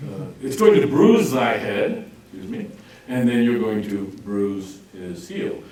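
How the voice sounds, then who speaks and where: A man giving an informal Bible class, joking and acting out quotes in lively swings of voice. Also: unhurried. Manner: jokey, animated, acts out quotes with lively pitch swings. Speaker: Bible teacher. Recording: roomy echo, speaker far from mic, faint noise.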